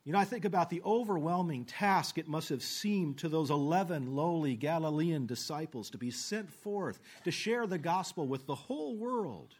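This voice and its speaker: Guy preaching a sermon, earnest, pitch all over the place, voice drops low at phrase ends. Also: lively intonation, breathy edge. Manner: slows down for quoted scripture.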